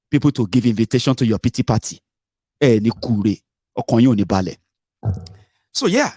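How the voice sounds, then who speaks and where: A man's voice: medium pitch, darkish tone, no echo, studio quality. A man with a Nigerian Yoruba accent, hosting a heated political commentary monologue, scolding and mocking his listeners and mixing English, Pidgin and Yoruba. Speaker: political commentator and show host.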